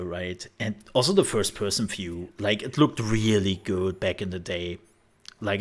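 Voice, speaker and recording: A man from Germany, speaking English as a while casually commenting on a video game and acting out scenes as he tells them. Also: on the low side. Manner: animated storyteller who laughs and acts out scenes. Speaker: gaming channel host. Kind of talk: casual commentary over gameplay.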